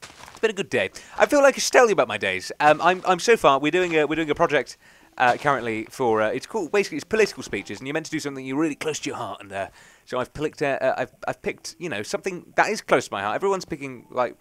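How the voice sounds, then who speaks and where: A man's voice: a little high, very animated, fast talker, a bit bright. A young man rambling chattily through let's play commentary, often poking fun at himself. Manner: rambling, chatty, self-mocking. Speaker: gaming channel host.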